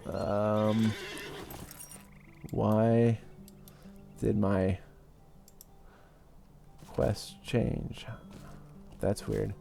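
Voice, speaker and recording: A man hosting a casual let's-play, talking in a relaxed, rambling way full of fillers. His voice is low and gravelly with a mellow, dark tone, and faint music plays behind him. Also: drawn-out words, pauses often. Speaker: gaming video host.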